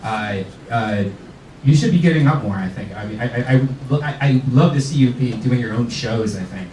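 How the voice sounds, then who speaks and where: A man's voice: medium pitch, normal speed, mellow. A man on a comedy panel who gives feedback to the comedian, stumbling and repeating his words as he goes. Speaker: celebrity guest panelist. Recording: echoey room from far off, faint noise.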